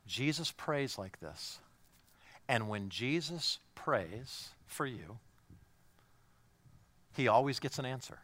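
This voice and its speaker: A man's voice: medium pitch, animated, slow pace, pauses often, fairly bright tone, dry recording. A male pastor preaching a sermon in an emphatic, repetitive style that builds in intensity.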